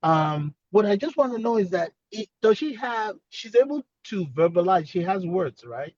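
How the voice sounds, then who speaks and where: Encouraging man with an accent, high voice. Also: big pitch swings, normal speed, no echo, highs cut off. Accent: non-native English accent. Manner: gentle, encouraging, acts out example dialogues. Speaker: speech-language pathologist, expert guest. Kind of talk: advice on a video call. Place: in his car. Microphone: video call.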